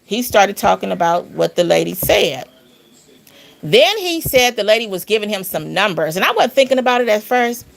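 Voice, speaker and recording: Gravelly-voiced woman telling a long story. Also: moderate pace. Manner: animated, rambling, rising pitch on emphasis. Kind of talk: casual storytelling.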